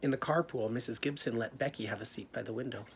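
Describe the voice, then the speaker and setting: A grumpy young boy sulks through his storybook misfortunes, loud and exasperated, as a man reads him aloud. The voice sits in an ordinary middle pitch. There is a faint hiss behind it. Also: fast, creaky, natural voice. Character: grumpy young boy having a bad day. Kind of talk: reading a picture book aloud.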